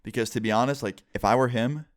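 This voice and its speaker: A young man telling a rambling, excitable story to camera in a casual vlog style, full of "like" and acted-out quotes. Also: medium pitch, quick pace, no room sound, studio quality. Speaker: vlogger.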